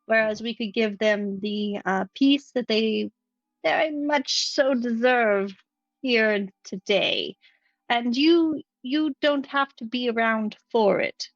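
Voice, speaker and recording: A woman voicing a calm adventurer in a tabletop role-play, thoughtful and measured, pausing to weigh her words. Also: a little high, no room sound, highs cut off. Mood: earnest. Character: calm, reasoning adventurer offering counsel.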